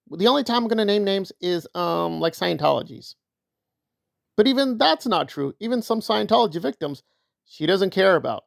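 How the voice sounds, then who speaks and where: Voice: medium pitch, animated, moderate pace, gravelly, no echo, clean studio sound. A commentator giving opinion commentary in a sarcastic, argumentative way.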